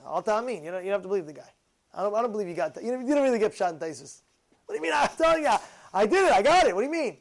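A man. He is an animated storyteller who swings between loud, excited bursts and low, muttered asides, often restarting his sentences. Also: rapid-fire, gravelly. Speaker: rabbi giving a Torah talk. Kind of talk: informal Torah lecture with acted anecdotes.

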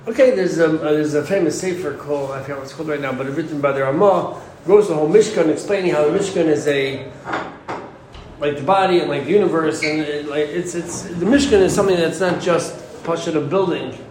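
A man's voice: on the high side, a little fast, a little mellow, a little hiss or hum. Man giving a roomy informal Torah class. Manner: conversational, asks rhetorical questions, restarts sentences. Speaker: Torah teacher. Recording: roomy echo with faint ambience.

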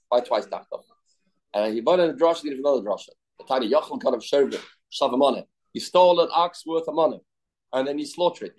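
Man giving a halting Talmud lesson. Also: medium pitch, darkish tone. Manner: reads and translates text, quick, halting restarts. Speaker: Talmud teacher. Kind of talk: daily Talmud study lesson.

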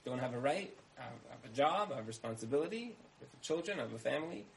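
A man's voice: medium pitch, lively intonation, fast, creaky, a little hiss or hum, poor audio. A man voicing an exasperated, self-important businessman husband who rambles on in an indignant complaint.

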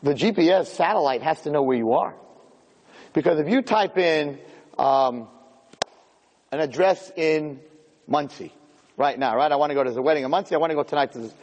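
In a large hall, a man whose voice sits on the high side speaks at a moderate pace and pauses often. He teaches Torah classes, and here he gives a humorous lecture, animatedly telling stories and acting out the scenes for the audience.

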